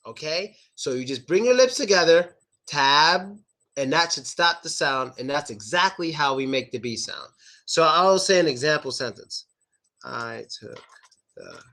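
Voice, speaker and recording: Young guy teaching english sounds online, bright voice, says each word over and over. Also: a little high. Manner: slow, exaggerated demonstration of sounds, repeating words. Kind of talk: online pronunciation lesson.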